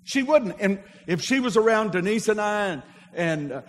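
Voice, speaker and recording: High-voiced pastor preaching in a reverberant church. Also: male voice, expressive, normal speed, slight background noise. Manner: preaching with call-and-response to a congregation. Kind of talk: sermon. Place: church sanctuary. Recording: long hall reverb of a church.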